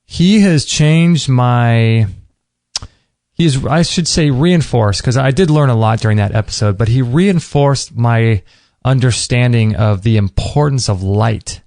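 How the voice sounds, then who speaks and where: Gravelly-voiced man hosting a podcast. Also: mid-range voice, a little slow, a little mellow, no echo, studio quality. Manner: rambling, searching for words. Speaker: podcast host. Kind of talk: casual solo podcast recap.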